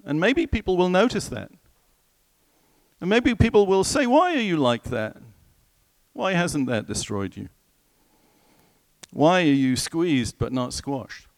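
A man delivers a sermon in an easy, conversational way, often putting questions to his listeners. His pitch rises and falls a lot, and he slows right down whenever he quotes scripture. The sound is dry and close. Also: no room sound. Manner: animated, conversational, asks the congregation questions. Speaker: preacher.

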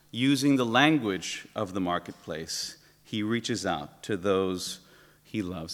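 Male pastor, middle-aged, lowish voice, animated storytelling sermon, long hall reverb. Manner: animated storytelling, acting out exclamations.

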